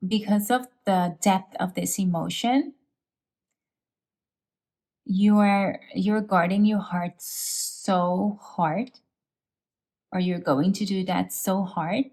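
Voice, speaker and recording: A woman giving an emotional pick-a-card tarot reading, sighing and halting with many restarts as she speaks to her viewers. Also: medium pitch, a little mellow. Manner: speaks directly to viewers, calling them you guys. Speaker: tarot reader.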